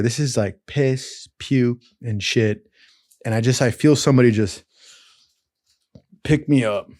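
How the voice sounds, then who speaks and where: Here a man with a mid-range voice rambles through wild stories, swearing freely, calling people "dude," and veering into slangy asides with animated energy. It's casual storytelling, captured at studio quality with no room sound.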